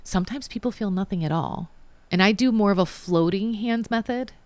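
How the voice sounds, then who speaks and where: A woman's voice: medium pitch, fairly quick, darkish tone, no room sound. A woman guest talking casually about her healing practice, telling stories and quoting people in between. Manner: chatty, tells stories with acted quotes. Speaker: guest, psychic and Reiki practitioner. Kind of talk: casual interview chat.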